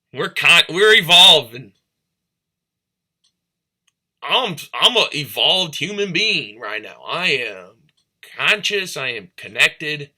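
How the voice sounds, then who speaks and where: A man's voice: fairly high pitch, sharp tone. A man from St. Louis talking in a rambling, profane, stream-of-consciousness monologue that drifts between topics and into freestyle rhymes. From St. Louis, Missouri.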